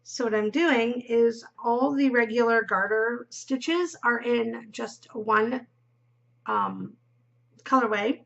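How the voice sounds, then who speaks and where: A woman chats as she knits, her voice fairly high with a gravelly fry. She rambles and giggles, yawning now and then. The recording sounds dull and lo-fi. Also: big pitch swings, slow pace, a bit bright. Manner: chatty, rambling, giggly, drops into murmurs. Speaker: knitting podcast host. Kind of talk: casual chat while knitting.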